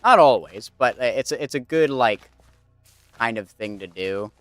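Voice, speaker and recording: A man's voice: mid-range voice, animated, moderate pace, fairly bright tone, dry recording, faint music behind. A young man streaming casually, rambling and thinking aloud with lots of fillers while he plays a building game.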